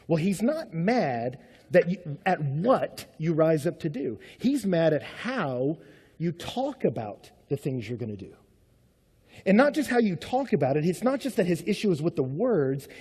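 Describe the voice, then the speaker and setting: A man preaching a sermon in a conversational, animated way, full of rhetorical questions and asides to the congregation. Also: high voice, husky. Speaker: pastor. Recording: long hall reverb.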